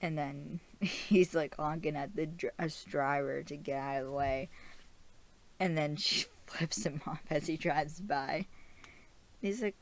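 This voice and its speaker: A young woman with a low voice talks through a TV episode at an unhurried pace. She rambles casually, fills her speech with fillers and laughs often, like a podcast host chatting with her audience.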